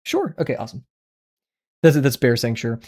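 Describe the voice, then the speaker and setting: A young man streaming his drawing sessions, chatting casually with viewers in a rambling, excitable way and laughing often. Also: mid-range voice, a little fast. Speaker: art livestreamer.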